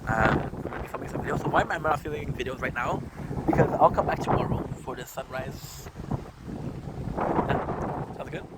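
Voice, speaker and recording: Male vlogger, rambling and frustrated, talking to camera outdoors with loud wind and boat noise behind him. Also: medium pitch. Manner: frustrated, searching, repeats himself. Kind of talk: rambling vlog monologue to camera.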